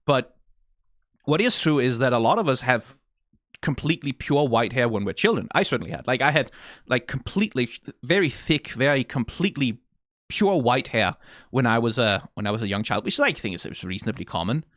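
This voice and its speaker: Musing Danish man with lively pitch. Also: fairly quick, no room sound, studio quality. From Denmark. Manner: musing, rambling, many restarts and laughs. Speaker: video reaction host. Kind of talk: casual reaction commentary.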